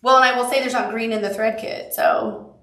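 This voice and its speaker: A woman's voice: on the high side, steady tone, fairly quick, a bit bright, reverberant, distant mic. A woman with a Southern accent leads a live quilting tutorial, chatty and upbeat, with cute little asides. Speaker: quilting instructor.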